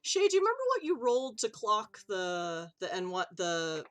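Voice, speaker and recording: A woman's voice: mid-range voice, big pitch swings, moderate pace, a bit bright. A woman running a tabletop game on a live stream, chatty and loose, swearing casually and laughing easily. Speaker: game master.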